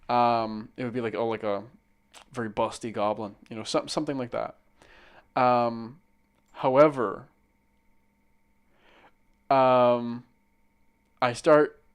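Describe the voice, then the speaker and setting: A man's voice: medium pitch, clean tone. A young man chatting casually while he draws, telling a crude story in a rambling way, full of restarts and laughing asides. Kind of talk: casual chat while drawing.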